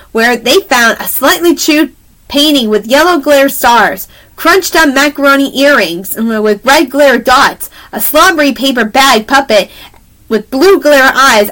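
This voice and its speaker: Lady reading a kids' story out loud, high voice, does little sound effects, trips on a word here and there. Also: rough recording. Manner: reads steadily with sound effects and small restarts. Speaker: story reader. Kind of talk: children's picture book read-aloud.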